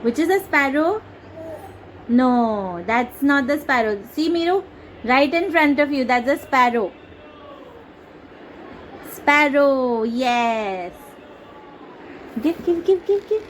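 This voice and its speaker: A young Indian woman with an Indian English accent, coaxing her toddler in slow, sing-song baby talk and making animal sounds. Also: high voice, expressive, a little hiss or hum, poor audio. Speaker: mother teaching her toddler.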